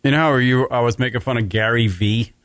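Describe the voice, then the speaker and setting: A man's voice: mid-range voice, fairly quick, fairly bright tone, no echo. Profane rambling male radio host. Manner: profane, rambling, laughs often. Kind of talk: crude casual radio banter. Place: radio studio. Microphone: studio mic.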